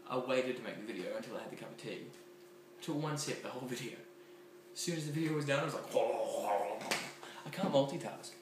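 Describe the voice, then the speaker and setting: A young man talks through his day in a loose, excitable vlog, tripping over ums and likes as he goes. His voice sits at a middling pitch. The echoey home kitchen carries a faint, steady background noise. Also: quick pace. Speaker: vlogger. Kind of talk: casual rambling vlog.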